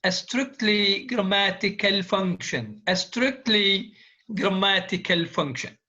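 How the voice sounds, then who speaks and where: A man's voice: high-pitched, slow, sharp tone. A man lecturing on linguistics, repeating key phrases and quizzing his students. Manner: repetitive, drills students with quiz questions. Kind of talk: classroom lecture. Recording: dull lo-fi classroom recording.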